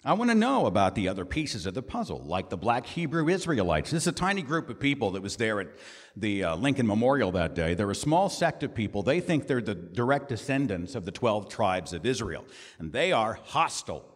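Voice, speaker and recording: A man's voice: lowish voice, sing-song, brisk, husky. Man lecturing in a reverberant hall. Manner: conversational, rhetorical questions. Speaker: guest speaker. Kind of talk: lecture presentation.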